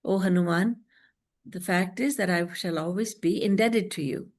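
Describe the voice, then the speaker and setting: A woman spiritual teacher giving a devotional lecture over a video call, earnest and storytelling, slowing down to recite scripture verses. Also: fairly low pitch, a little mellow.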